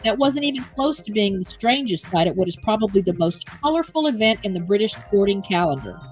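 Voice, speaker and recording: A woman's voice: mid-range voice, sing-song, a little fast, faint music behind. A woman hosting a casual livestream, chatting in a rambling way and reading out comments and news stories. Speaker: livestream host. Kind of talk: casual chat.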